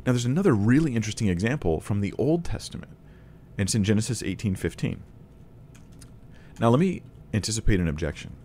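A man's voice: lowish voice, big pitch swings, quick pace, mellow, a little hiss or hum. A man teaching a Bible lesson to camera in a casual, conversational way, thinking aloud with restarts and small laughs.

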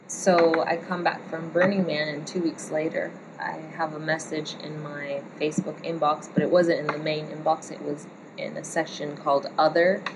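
Very low, flat-voiced woman telling a story. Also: noisy background. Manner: relaxed, chatty storyteller. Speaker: tattoo artist. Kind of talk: casual storytelling chat.

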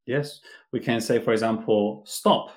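A man's voice: mid-range voice, darkish tone. Bilingual man explaining English grammar. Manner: explains slowly, switching between Spanish and English. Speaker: English teacher. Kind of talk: bilingual podcast lesson.

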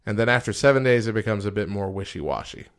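A podcast co-host with a lowish, expressive male voice talks fast in a casual, chatty conversation. He reads list items and quotes aloud with lifted energy and laughs often.

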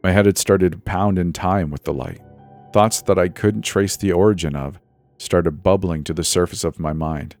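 A man narrating a scripted first-person horror story in a tense, steady way. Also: deep voice, normal speed, faint music behind.

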